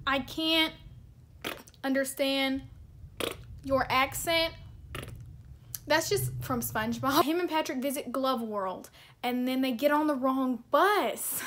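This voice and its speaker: A woman's voice: high-pitched, slow, fairly bright tone. A young woman vlogger chatting casually and self-deprecatingly, with lots of fillers as she reacts to her posts.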